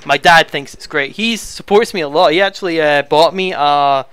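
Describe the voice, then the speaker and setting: Answering viewer questions from his home room, the young YouTuber who makes Let's Plays rambles into his headset in a casual Q&A, chatty and quickly flustered. He sounds fairly high, bright, clean and smooth, in a close, dry recording without room ambience.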